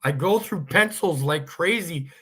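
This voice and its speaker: A man's voice: a little high, expressive, measured pace, bright, forceful tone, husky. A man delivering a sarcastic comic monologue as a YouTuber, boasting in mock seriousness and laughing at his own jokes.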